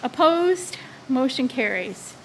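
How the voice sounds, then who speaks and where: A woman's voice: high voice, big pitch swings, slow, a bit bright, a little hiss or hum. A woman serving as school board president, chairing a formal meeting on a table microphone and joking and laughing between agenda items.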